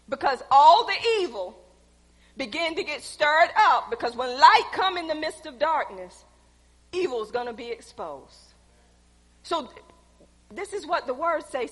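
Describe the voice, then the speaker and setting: Fervent high-voiced woman preacher. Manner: fervent, rising to loud exhortation; calls out to the congregation. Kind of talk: sermon. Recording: long hall reverb.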